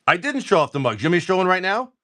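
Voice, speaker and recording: A man's voice: high-pitched, sharp tone, a little hiss or hum. Young guy cracking packs on stream, chatty and jokey, voice bouncing all over the place. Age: young adult. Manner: jokey, rambling, reads card names aloud in quick lists. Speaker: live card-break streamer. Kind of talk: casual live-stream chat while opening card packs.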